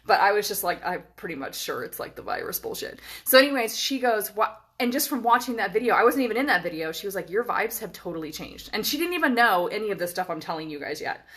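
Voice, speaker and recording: Woman in her thirties, casual live-stream vlogger. Excitable, profane, filler-heavy, talking into a phone camera. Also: mid-range voice, fast talker, few pauses. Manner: excitable, swears freely, lots of fillers. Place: hotel room.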